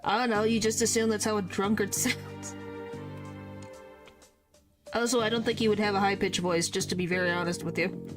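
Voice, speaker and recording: A woman's voice: medium pitch, steady tone, moderate pace, long pauses. A woman streamer chatting casually and rambling over her gameplay. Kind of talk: gameplay commentary. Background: game music.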